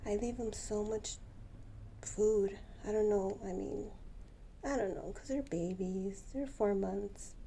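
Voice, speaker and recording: Woman vlogger, casual chat to her birds, unhurried and mellow, affectionate teasing tone. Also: mid-range voice, creaky, a little hiss or hum. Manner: doting, teasing baby talk. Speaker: pet bird vlogger. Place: at home.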